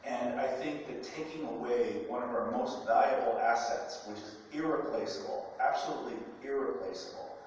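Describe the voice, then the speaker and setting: A man's voice: medium pitch, moderate pace, few pauses, a little mellow, dull audio, a little hiss or hum. A man making an emphatic, persuasive public comment at a meeting. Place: large echoey meeting hall. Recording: distant, echoey hall.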